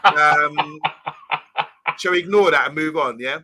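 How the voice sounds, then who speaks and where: A man's voice: a little high, unhurried, pushed and bright. A man co-hosting a football livestream, casually reading out viewer comments and greeting people by name.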